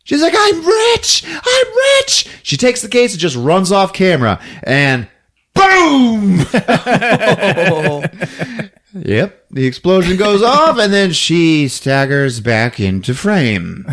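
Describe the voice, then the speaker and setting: A man hosting a podcast, casually recapping a movie plot in an animated storytelling way, laughing often. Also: high-pitched, slow. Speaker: podcast host.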